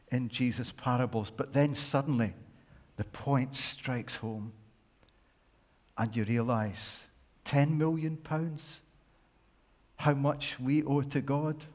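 A man preaching a sermon, telling a parable in an animated way with playful asides to the congregation. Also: medium pitch. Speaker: pastor. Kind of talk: sermon with a dramatized parable reading. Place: church. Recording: long echo of a large hall.

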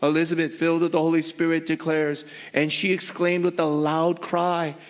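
A male pastor delivers a sermon in a high, emphatic voice. He drives his points home by repeating words and firing rhetorical questions at his listeners. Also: completely flat delivery, moderate pace.

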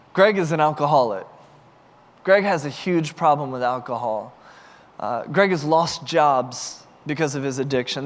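A high-voiced man preaches to his congregation, telling stories and acting out each side of the conversations with lively energy. His voice rings with a long reverb from a large hall. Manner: animated, acts out dialogue in raised voice. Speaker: pastor. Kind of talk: sermon with storytelling. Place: large concert venue used as church.

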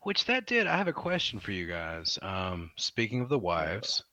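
A man's voice: low-pitched, huge pitch swings, normal speed, sharp tone, no echo. A young adult man co-hosting a casual podcast chat, joking and rambling with fillers. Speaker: podcast co-host.

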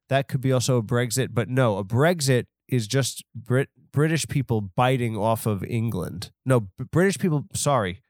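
A podcast host with a mid-range voice rambles through an off-the-cuff comedic story, poking fun at himself along the way. He talks at a normal speed with hardly any pauses, and the studio recording is clean and dry.

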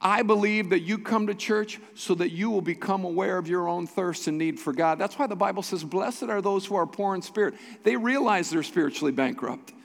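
High-voiced man preaching in a reverberant hall. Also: a little fast, vocal fry, few pauses. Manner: emphatic preaching with repeated phrases. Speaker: pastor. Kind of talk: sermon. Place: church sanctuary.

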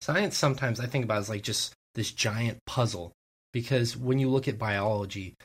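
A man's voice: medium pitch, normal speed, slight background noise. A man co-hosting a podcast, talking eagerly in long, rambling explanations. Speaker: podcast co-host. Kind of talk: casual podcast chat.

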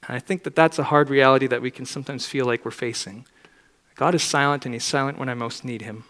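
A man's voice: mid-range voice, steady tone, fast talker, a bit bright, long reverb tail. A man preaching a sermon in a conversational, reflective way, often asking rhetorical questions.

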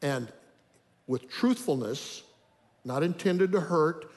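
An older man preaches about marriage slowly and animatedly, his voice fairly high. He's earnest and tells stories, voicing characters' inner thoughts, while the big hall around him gives a long reverb.

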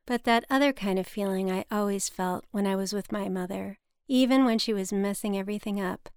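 A woman narrating her own personal story in a measured, scripted reading style, recorded close to the mic. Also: medium pitch, clear, resonant tone, no echo.

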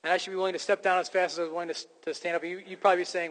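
A man's voice: high-pitched, little pitch movement, rapid-fire, fairly bright tone. A man preaching a sermon as pastor, speaking emphatically and joking at his own expense. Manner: emphatic preaching with self-deprecating jokes. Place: church sanctuary. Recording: long hall reverb from a church sanctuary.

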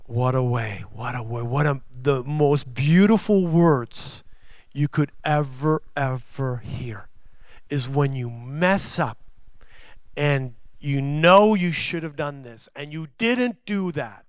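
A man preaching a sermon to a congregation, swinging between loud emphatic lines and hushed, slow ones, and putting questions to his listeners. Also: fairly high pitch, no room sound, clean studio sound. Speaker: pastor. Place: church service before a congregation.

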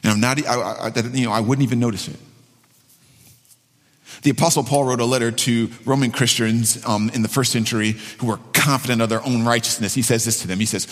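A man's voice: mid-range voice, steady tone, a little fast. A man preaching a sermon as pastor, earnest and repeating key phrases for emphasis. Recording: long hall reverb.

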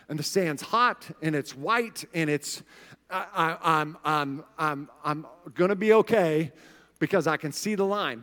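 Male pastor with a high voice, chatty storytelling sermon, keeps asking "right?". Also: a bit bright, big-room sound.

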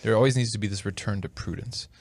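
Reflective man with a low voice. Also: fairly even intonation, quick pace, a little mellow, dry recording. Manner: reflective, thinks aloud with restarts. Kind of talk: casual conversation.

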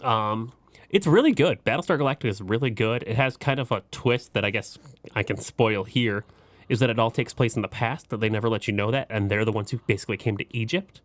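A man co-hosting a casual podcast, calmly explaining background trivia about older TV shows. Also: on the low side, a little fast, no echo. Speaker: podcast co-host.

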